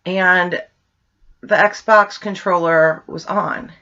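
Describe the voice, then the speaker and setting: A young woman casually telling a ghost story to the camera, animated, laughing often and swearing freely. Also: lowish voice, extremely slow, dull audio. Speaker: vlogger.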